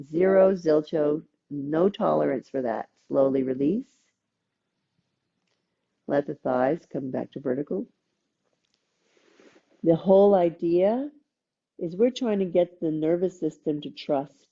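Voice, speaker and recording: A woman teaching a gentle yoga class, calmly cueing breaths and movements with playful asides. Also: low-pitched, slow pace, pauses often, highs cut off. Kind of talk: guided yoga class instruction.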